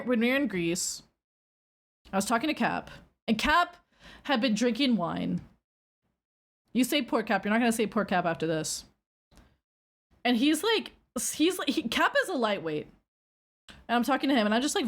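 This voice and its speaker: A woman streamer chats casually and spins a rambling story for her viewers. Her fairly high voice swings widely, jumping up into squeals whenever something excites her.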